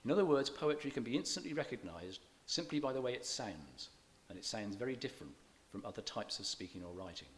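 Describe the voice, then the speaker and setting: A man giving a public lecture on reading poetry. He explains in a measured way, with dry self-deprecating humour. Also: medium pitch, expressive, a little hiss or hum. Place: church event.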